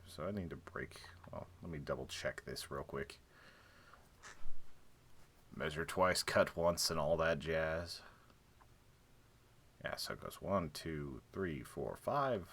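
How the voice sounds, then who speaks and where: Deep-voiced man rambling while he builds. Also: very animated, a little slow, vocal fry, pauses often, slight background noise. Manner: rambling, joking, lots of "like" fillers; counts blocks under his breath. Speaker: game streamer. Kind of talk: casual chat while building in a game.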